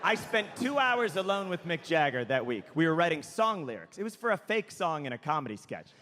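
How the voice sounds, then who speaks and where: A man in his thirties doing a stand-up comedy set, telling stories with excitable asides. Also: fairly high pitch, fairly quick, big-room sound. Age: 30s. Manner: animated, storytelling with excitable asides.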